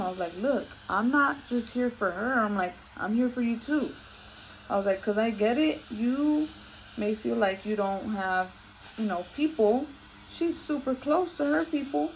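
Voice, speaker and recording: A woman hosts a casual talk and tells a personal story with lively energy. She acts out what each person said and slips into Spanish now and then. Her voice sits at a middle pitch, with a faint background hiss. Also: poor audio. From Latin America. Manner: animated, acts out quotes, mixes in Spanish phrases. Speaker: podcast host.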